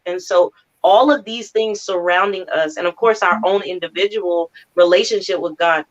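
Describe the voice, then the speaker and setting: A woman's voice: lowish voice, moderate pace. A woman in her thirties, a mother of four, speaking earnestly and candidly as a guest on a talk show and often quoting her family. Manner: earnest, laughs often, quotes family members. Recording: dull lo-fi audio.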